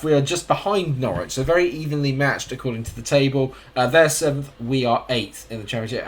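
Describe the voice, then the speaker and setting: A man's voice: medium pitch, a bit bright. Chatty man commentating his game. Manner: chatty, commentates on the match as it plays out. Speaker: gaming YouTuber. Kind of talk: casual gameplay commentary.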